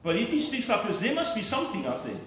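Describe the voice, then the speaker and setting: A middle-aged man tells his testimony in an earnest, emphatic storytelling way, his voice sitting a little higher than usual. He is picked up from some distance in a strongly echoing church hall, with a faint hiss of room noise underneath. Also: huge pitch swings, fast, fairly bright tone. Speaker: lay preacher giving testimony. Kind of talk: personal testimony from the pulpit.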